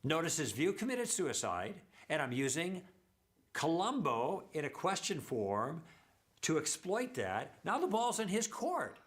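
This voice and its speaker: Lively storytelling church teacher, man. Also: fairly high pitch, measured pace. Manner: anecdotal, acts out quoted dialogue.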